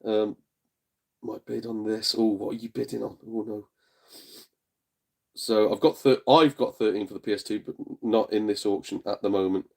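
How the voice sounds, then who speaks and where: A man who runs a gaming channel and streams hosts a casual live stream from his front room, chatting with viewers in a blunt, jokey way. Now and then he swears and puts on voices to retell exchanges. His voice is fairly low, creaky, and steady in tone at a normal speed.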